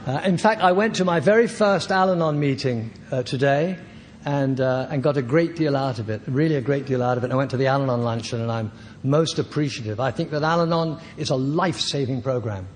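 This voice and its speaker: A man's voice: medium pitch, fairly quick. A man in his sixties giving a recovery talk at a convention, rambling and self-deprecating with many hesitations. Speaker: AA speaker. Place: large convention hall. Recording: reverberant hall with faint room noise.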